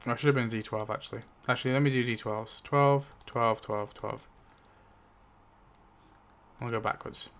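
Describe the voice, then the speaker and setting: A man on his own channel recaps a story rewrite settled by dice. He rambles and fills every gap with "like," often breaking into chuckles, in a voice of ordinary male pitch. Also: fairly even intonation, moderate pace, long pauses, fairly bright tone. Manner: rambling, full of "like" fillers and chuckles. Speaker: YouTube host. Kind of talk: casual narration of a dice-rolled story rewrite.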